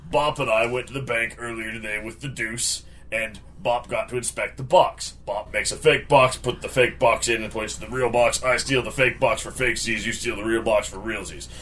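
A man playing a tabletop game in character, laying out a heist plan in a fast, rambling patter. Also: medium pitch, steady tone, a bit bright. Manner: fast, scheming, explains plans in a rambling patter. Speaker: player. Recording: faint background noise.

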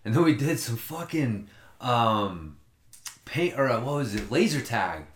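A man's voice: mid-range voice, very animated, a little slow, echoey room. A man telling a long story in casual chat, rambling and swearing freely.

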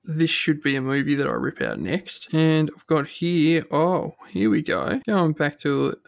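An Australian man co-hosting a podcast, gravelly, animated and sweary. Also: fairly high pitch, a little slow. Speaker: podcast co-host. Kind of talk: casual podcast chat.

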